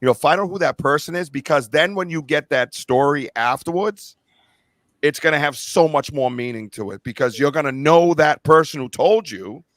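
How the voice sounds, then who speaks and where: A man's voice: a little high, moderate pace, fairly bright tone, dry recording, studio quality. A middle-aged man hosting a podcast, speaking earnestly and with emotion, his voice choking up at times. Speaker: podcast host. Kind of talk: casual podcast chat.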